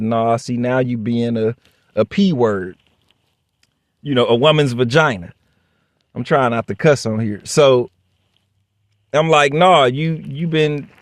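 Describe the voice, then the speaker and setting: A man's voice: mid-range voice, dry recording. A man casually telling a workplace story straight to the camera, blunt and profane, acting out both sides of the dialogue. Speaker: vlogger.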